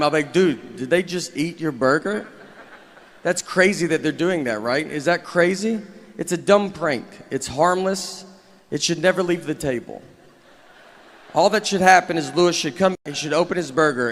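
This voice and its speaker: Male stand-up comic, somewhat high voice, dry and meandering delivery, faint noise in the background. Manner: deadpan, rambling, restarts his sentences. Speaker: stand-up comedian. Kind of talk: stand-up set before a laughing audience.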